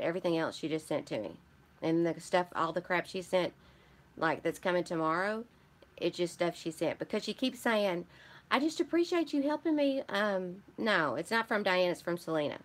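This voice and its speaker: A woman's voice: on the low side, a bit bright. A woman with a Michigan accent hosting a casual live stream, rambling and chatty as she greets viewers and answers their comments. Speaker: craft channel host.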